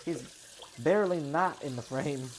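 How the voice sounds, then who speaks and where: A twenty-something vlogger chats while doing kitchen chores, her own mic set near the sink. She speaks a little slowly in a low voice, rambling with plenty of "like" and "you know" fillers. The poor audio carries a bit of hiss or hum beneath faint running water and kitchen sounds.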